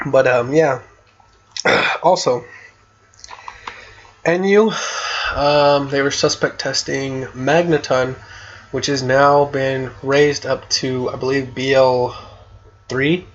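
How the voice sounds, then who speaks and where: Male YouTuber, mid-pitched, easygoing and chatty, hiccupy, somewhat muffled recording. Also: fairly even intonation, slow, pauses often. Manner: laid-back, chatty, with fillers and little laughs. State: has the hiccups. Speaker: gaming YouTuber. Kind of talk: casual commentary on competitive play.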